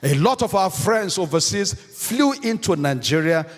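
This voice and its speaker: Speaking at a moderate pace with a high voice and lively intonation, a pastor preaches emphatically. Key phrases get repeated, and he asks the congregation call-and-response questions. Long reverb fills the echoey hall.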